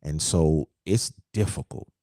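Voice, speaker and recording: A man's voice: unhurried, no room sound, studio quality. A man who is a pastor, hosting a casual church podcast, joking and acting out quoted lines in a raised voice. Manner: lively, joking, acts out quoted lines in a high voice.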